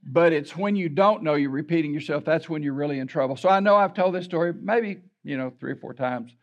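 An older pastor preaches a sermon in a fairly high voice. He tells a story from his own life, acts out the people he quotes and repeats words as he goes. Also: brisk, dull audio.

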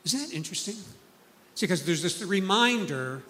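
A man's voice: on the high side, moderate pace, pushed and bright, big-room sound, a little hiss or hum. A man preaching a sermon, telling stories earnestly and acting out the people he quotes.

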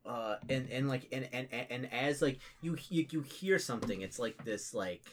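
A man's voice: medium pitch, moderate pace, a little hiss or hum. Rambling game master man. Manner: rambling, full of fillers and restarts. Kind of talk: narrating a tabletop game.

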